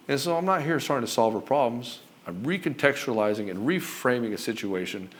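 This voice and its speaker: A middle-aged man coaching husbands on their marriages, talking bluntly with swearing and acting out both sides of conversations. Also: lowish voice. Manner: blunt and profane, acts out both sides of dialogues. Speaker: relationship coach. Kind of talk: direct-to-camera coaching monologue.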